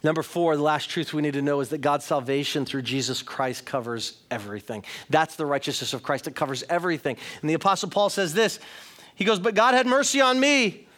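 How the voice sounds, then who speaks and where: Brisk and fairly bright, the middle-aged pastor's fairly high voice carries his sermon. He talks earnestly to the congregation, addressing them directly and turning emphatic at points.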